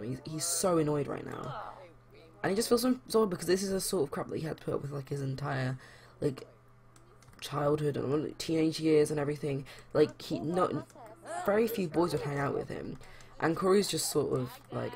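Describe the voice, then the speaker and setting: Give me a young woman casually narrating a life-sim game, rambling, with a gravelly low voice. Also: expressive, a little fast, a little mellow. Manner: chatty, rambling with fillers. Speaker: let's play host.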